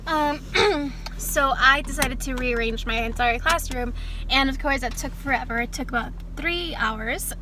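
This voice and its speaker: A woman's voice: high voice, bright, forceful tone, slight background noise, low-quality recording. A woman in her twenties, a kindergarten teacher, chatting casually to the camera in a rambling way, filming on a phone or camera held at arm's length in her classroom and car. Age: 20s. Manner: chatty and rambling, with fillers and self-corrections. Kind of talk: casual vlog chat.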